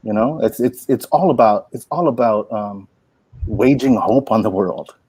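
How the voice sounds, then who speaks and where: Folksy man with a low, dry voice. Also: moderate pace, slightly rough, no echo. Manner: animated, folksy, full of "like" and "you know". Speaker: poet and workshop teacher. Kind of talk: inspirational storytelling talk.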